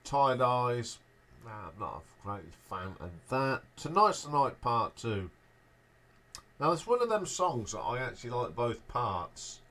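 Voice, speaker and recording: A man casually ranking albums as a show host, speaking in a relaxed, offhand way and trailing off at the ends of his remarks. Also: medium pitch, unhurried. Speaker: music reviewer, show host.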